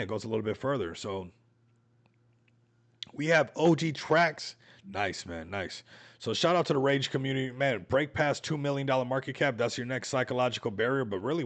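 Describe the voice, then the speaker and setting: A man chats casually on his crypto livestream, hyped up and rambling. He talks in slangy asides at a middle pitch, as if to viewers in a chat window. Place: Las Vegas home.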